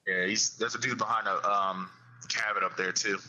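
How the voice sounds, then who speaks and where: A man in a casual gaming chat, calmly giving his teammates steady tactical callouts. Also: fairly low pitch, moderate pace, muffled recording, over music. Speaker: gamer calling out directions.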